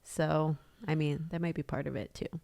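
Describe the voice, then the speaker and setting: A woman with a somewhat low voice co-hosts a podcast in a relaxed, chatty way, leaning on "like" between her thoughts. Her talk is casual and conversational. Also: normal speed, creaky. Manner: chatty, many "like" fillers. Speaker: podcast co-host. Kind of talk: casual chat.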